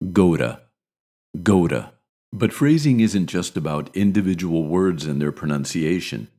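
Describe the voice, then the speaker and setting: A man with a General American accent narrates a scripted pronunciation lesson. His voice sits very low, and he takes his time over every word. He models each sound deliberately, repeating it so learners can follow. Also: a little mellow. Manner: deliberate, slowly demonstrates sounds. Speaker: English pronunciation teacher.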